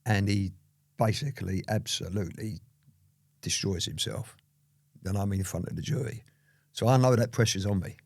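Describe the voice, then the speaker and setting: A lowish, gravelly male voice, recorded close and dry. He rambles through his story, leaning on "you know" again and again in casual interview talk. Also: normal speed, long pauses, darkish tone, no room sound. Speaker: interview guest.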